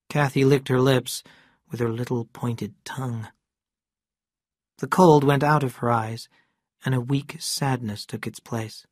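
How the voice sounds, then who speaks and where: A reader narrating a simplified story for English learners, slow and deliberate, quieter on the narration. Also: mid-range voice, steady tone, dry recording, clean studio sound.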